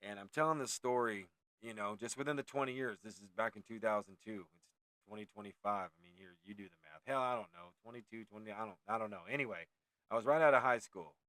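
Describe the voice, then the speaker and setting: A man's voice: lowish voice, fast talker, fairly bright tone, dry recording. A man around forty from California, telling a haunted story in a rambling, profane, laid-back way, full of tangents and self-corrections. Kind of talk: casual storytelling.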